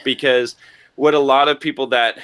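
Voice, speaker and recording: A man's voice: medium pitch, fairly even intonation, normal speed, a bit bright, clean tone. A man co-hosting a podcast, chatting casually and rambling through restarts and jokey asides. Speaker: podcast co-host. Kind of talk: casual chat.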